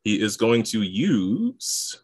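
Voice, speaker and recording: A man's voice: lowish voice, very animated, takes it slowly, breathy edge, dry recording. A man working as game master, narrating the action and walking through the rules while thinking aloud, with frequent chuckles. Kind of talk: narrating and adjudicating a tabletop game.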